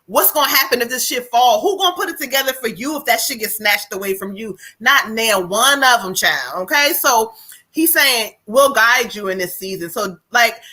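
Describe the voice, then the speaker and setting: Blunt, bright-voiced woman from Jersey. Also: fairly high pitch, normal speed. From New Jersey. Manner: blunt, profane, animated. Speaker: psychic medium. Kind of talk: live-stream reading.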